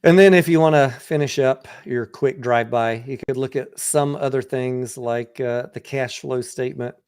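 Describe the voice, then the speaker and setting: A man's voice: mid-range voice, steady tone, normal speed, a little mellow, smooth. A man hosting a casual livestream and walking through a company's financials in a blunt, profane, conversational way. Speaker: livestream host and stock trader.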